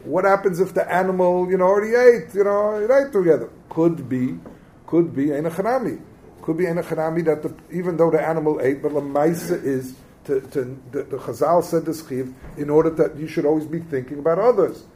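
Torah teacher, male, slightly high pitch, explains texts and quizzes the class. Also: fairly quick, dark tone, slight background noise. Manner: explanatory, mixing Hebrew terms into English, quizzing the class. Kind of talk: Talmud class lecture.

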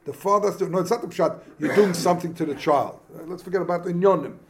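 A man with a high voice teaches an informal Talmud class at a fast clip over crowd noise. He halts, repeats words, keeps posing rhetorical questions and mixes Yiddish-Hebrew study terms into his speech.

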